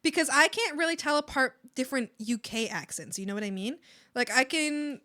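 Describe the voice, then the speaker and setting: A woman's voice: sits high, expressive, fairly quick, sharp tone. A Canadian woman livestreaming while she draws, chatting casually with viewers and filling her talk with "like". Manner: chatty, giggly, heavy use of filler "like". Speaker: art streamer.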